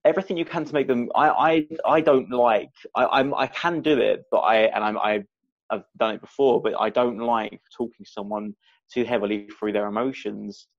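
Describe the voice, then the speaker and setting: Young man, gravelly low voice, halting and searching for words, slightly lo-fi. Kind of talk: casual chat.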